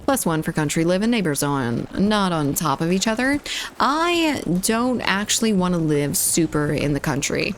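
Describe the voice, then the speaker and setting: A woman's voice: on the low side, very animated, moderate pace, slight background noise. A woman streaming a shooter game, chatting casually and rambling while breaking off to react to the gameplay and to her chat.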